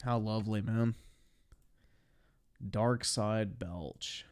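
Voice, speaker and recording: A man's voice: lowish voice, fairly even intonation, extremely slow, a little mellow, clean tone. A male streamer reacting to clips with dry, mocking remarks in casual live-stream commentary.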